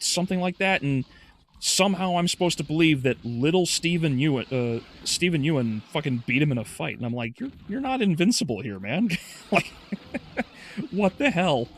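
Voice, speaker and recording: A man's voice: fairly high pitch, expressive, measured pace, a bit bright, soft background music. A man streaming a game, chatting casually with his viewers, swearing freely and laughing often as he plays. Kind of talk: casual gameplay commentary.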